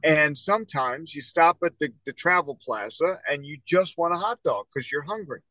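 A man with a Philadelphia accent trading playful banter on a wrestling podcast, often stammering and apologizing. His tone is bright and tense, sitting a little high. The recording is dry and close. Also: expressive, moderate pace, no room sound. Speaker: podcast co-host.

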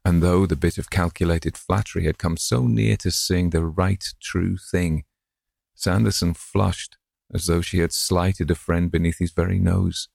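Male audiobook narrator, deep and creaky, dry close mic. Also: fairly even intonation, measured pace, a little mellow, no room sound. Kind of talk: scripted narration.

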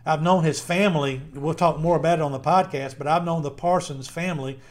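A middle-aged man with a Southern Virginia accent co-hosts a casual podcast, rambling in a friendly way with many fillers. His voice is on the high side, brisk, with fairly even intonation.

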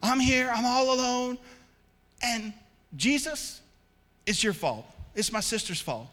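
A fretful, overworked woman of scripture complains that she is left doing all the work, as a preacher acts her out. Her voice rides high and bright and whines with exasperation. The sound trails in a long church-hall reverb. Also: very animated, takes it slowly, heavily acted. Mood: whiny.

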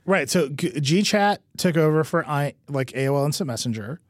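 A man hosting a tech podcast in casual chat, animated and joking as he spins mock-grand plans. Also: fairly high pitch, normal speed, dry recording, clean studio sound. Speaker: podcast host.

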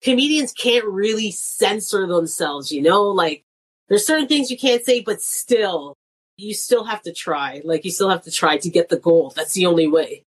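A chatty middle-aged woman in casual interview talk, her pitch sitting mid-range for a woman. She laughs often and slips into little voices when she quotes people. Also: animated, normal speed, slightly rough. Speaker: guest comedian.

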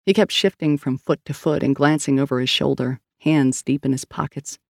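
Gravelly male audiobook narrator. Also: mid-range voice, fairly even intonation, normal speed, no echo, clean studio sound.

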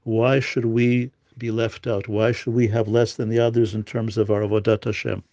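A man's voice: fairly low pitch, little pitch movement, normal speed, a little mellow, no room sound. Man teaching Torah, dull lo-fi audio. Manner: explains in English with Hebrew quotes, many fillers. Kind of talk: informal Torah lesson.

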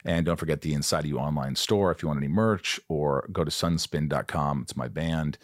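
A man's voice: a bass voice, a little fast, no room sound, studio quality. A man in his fifties hosting a casual podcast interview, who talks emphatically and repeats himself for effect. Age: 50s. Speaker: podcast host.

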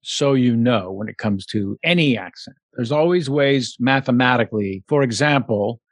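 A man hosting an interview podcast in a chatty, playful way, often breaking into quick impressions. His voice sits in a middle register and is recorded dry and close, with no room sound. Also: medium pitch, no echo. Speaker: podcast host. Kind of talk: casual interview chat.

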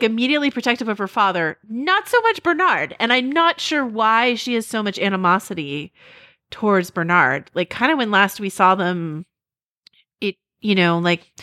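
A woman's voice: mid-range voice, dry recording, clean studio sound. A woman co-hosting a podcast, chatting casually as she recaps a TV episode, rambling with lots of "like" and "um" and laughing often. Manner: rambling, animated, full of "like" and "um"; laughs often, acts out characters' lines in quotes. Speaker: podcast co-host.

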